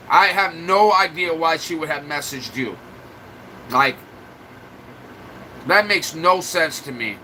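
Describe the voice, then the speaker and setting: High bright-voiced man ranting on a livestream. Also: slight background noise, rough recording. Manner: upset, venting rant to viewers; rambling, restarts and fillers. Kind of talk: casual livestream chat.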